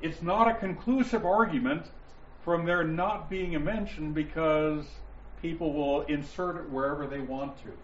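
A man teaching a Bible study class, explaining points deliberately and stressing key words, with listeners answering him. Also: fairly high pitch, a little hiss or hum. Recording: roomy, dull lo-fi sound with faint ambience.

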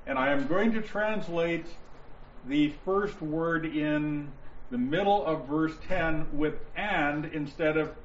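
Guy teaching a bible class, kinda high voice, slow and explaining stuff, dull muffled audio w faint background hum. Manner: deliberate, explanatory, stresses key words. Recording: roomy, dull lo-fi sound with faint ambience.

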